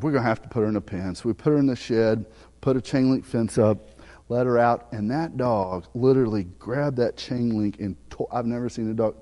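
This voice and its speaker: A middle-aged man with a Southern US accent preaching a sermon, telling a folksy personal story and swinging from loud preaching to soft, hushed asides. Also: mid-range voice, in a large hall. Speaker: pastor. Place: church sanctuary.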